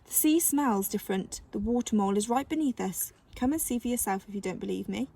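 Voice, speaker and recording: A woman's voice: mid-range voice, lively intonation, brisk, creaky, dark tone, husky. A woman voicing a prim, know-it-all young mermaid in a storybook reading.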